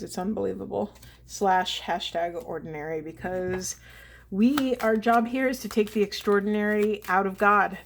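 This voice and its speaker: Woman giving a slow, emotional tarot reading. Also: medium pitch, a little hiss or hum. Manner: slow, meditative, emotional delivery with sighs. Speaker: tarot card reader. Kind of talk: spiritual tarot reading to camera.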